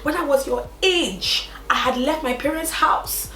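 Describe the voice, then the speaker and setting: Woman doing a shrill scolding female boss. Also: a little slow, pushed and bright, roomy sound, faint music behind. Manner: shrill, scornful, hectoring. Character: scolding middle-aged female office boss.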